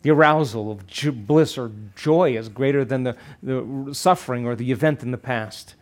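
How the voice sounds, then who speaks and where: A man's voice: medium pitch, normal speed. A man teaching a seminar to a live audience, often checking in with rhetorical questions and acting out quoted voices. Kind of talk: live workshop lecture.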